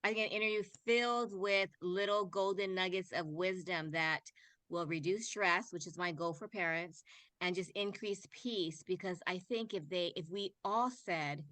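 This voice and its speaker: A woman's voice: on the low side, normal speed, a bit bright, dry recording. A woman hosting an interview podcast, affirming her guest in casual talk. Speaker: podcast host.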